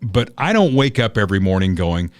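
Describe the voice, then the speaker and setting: A man's voice: fairly low pitch, very animated, fairly quick, clear, resonant tone, no echo. A man hosting a political talk podcast, chatty and opinionated, telling stories as he goes. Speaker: podcast host.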